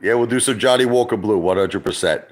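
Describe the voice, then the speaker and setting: A man's voice: fairly low pitch, fast talker. A middle-aged man from Brooklyn, rambling and swearing in a casual livestream chat, repeating himself as he talks. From Brooklyn, New York. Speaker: livestream host.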